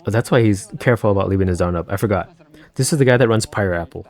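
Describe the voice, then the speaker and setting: Guy youtuber doing live card game commentary, lowish mellow voice, rambly, keeps correcting himself. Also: fast. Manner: rambling, thinking aloud, self-correcting, chatty asides.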